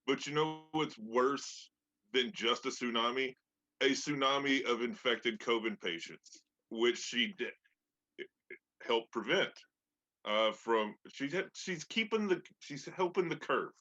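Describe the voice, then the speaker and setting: A man speaks slowly and deliberately, with a bright tone and a mock-serious air. The sound is dull and lo-fi, like a cheap home mic. He argues his side of a comic debate. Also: medium pitch. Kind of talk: casual comic argument.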